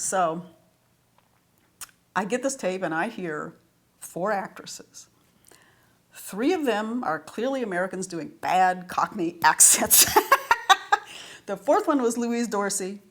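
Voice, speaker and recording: A woman's voice: mid-range voice, expressive, unhurried, long pauses. A woman, who wrote for the series, chatting through anecdotes in a retrospective interview and laughing often. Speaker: series writer.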